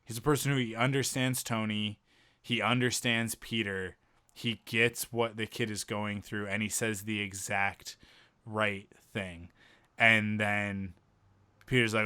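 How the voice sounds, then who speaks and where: A man's voice: fairly low pitch, fairly even intonation, slow, sharp tone, clean tone, dry recording, studio quality. A man co-hosting a podcast, enthusiastically retelling a film scene in casual chat, often restarting his sentences. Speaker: podcast co-host reviewing a film.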